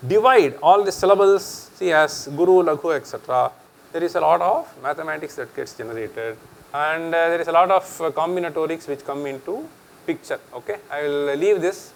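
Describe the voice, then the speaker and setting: A man's voice: on the high side, brisk, gravelly, a little hiss or hum, poor audio. A middle-aged man with an Indian accent giving a chatty public lecture, switching between English and Hindi and laughing often.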